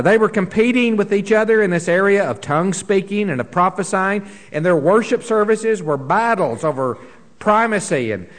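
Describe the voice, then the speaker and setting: A man preaching a sermon earnestly, swinging between emphatic lines and hushed ones, often repeating a word as he restarts. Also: high voice. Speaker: pastor.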